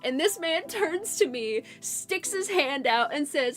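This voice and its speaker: A young woman with a fairly high voice tells a story casually to her stream chat. She laughs often and jumps from loud, excited bursts to mumbled asides. Faint music plays underneath. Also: slow. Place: home streaming setup. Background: faint background music.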